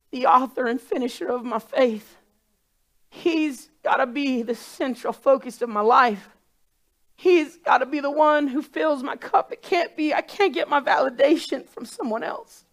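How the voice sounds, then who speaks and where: A woman preaching a sermon to a congregation in a church room, impassioned and repeating herself for emphasis. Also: high voice. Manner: impassioned, building to loud crying pleas.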